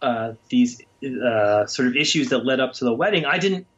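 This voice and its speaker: Halting, rambling man on a lo-fi line. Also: medium pitch, animated, fairly bright tone, husky. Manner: rambling, halting with many restarts. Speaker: guest comics writer. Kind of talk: casual interview chat. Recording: dull lo-fi sound.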